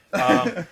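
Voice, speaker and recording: A man's voice: high-pitched, vocal fry. A man in a band's livestream podcast, telling road stories in casual chat, acting out quotes and laughing often. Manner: animated storyteller, acts out quotes, laughs often. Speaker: band member on a podcast.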